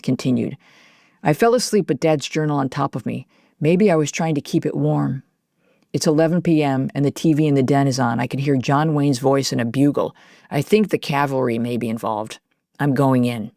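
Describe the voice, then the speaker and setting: A woman narrating an audiobook in the first person, telling the story in a lively, confiding way as a young girl. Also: a bass voice, normal speed, vocal fry, no room sound, clean studio sound.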